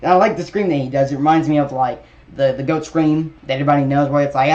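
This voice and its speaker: A young man chats his way through a trailer breakdown for his channel, stumbling and restarting as he goes. His voice sits a little high. The recording is muffled and lo-fi. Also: fast, slight background noise. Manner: rambling, many fillers and restarts. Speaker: YouTube trailer reviewer.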